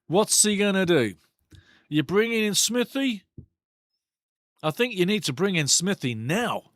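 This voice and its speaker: A man hosting a live football watch-along, commentating excitedly on the match and chatting with viewers' comments. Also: sits high, unhurried, dry recording, clean studio sound.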